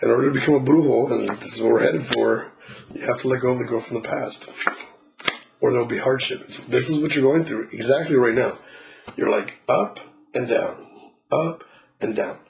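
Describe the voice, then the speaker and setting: With a creaky mid-range voice and fairly even intonation, a man delivers a fast-paced, casual spiritual reading for a client. He's blunt, swears a lot, laughs, and acts out quotes, all against a noisy background.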